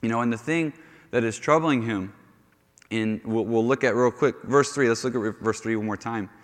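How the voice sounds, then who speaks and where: A man's voice: medium pitch, normal speed. A male youth pastor giving a conversational sermon, often restarting phrases and saying "you know". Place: church sanctuary. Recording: long reverb of a church hall.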